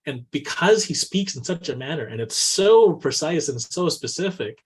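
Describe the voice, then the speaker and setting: A man with a slightly husky voice co-hosts a relaxed business podcast. He talks in a lively, coaching way, leaning on a constant "right?" and jumping into quick acted-out exchanges to make his points. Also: a little high. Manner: animated, says "right?" constantly, acts out quoted dialogue. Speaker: co-host. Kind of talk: casual business podcast chat.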